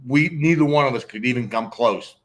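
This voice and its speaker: Halting bright-voiced man co-host. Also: mid-range voice. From United States. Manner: halting, repeats words as he starts sentences. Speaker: co-host of a livestream. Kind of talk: casual livestream chat.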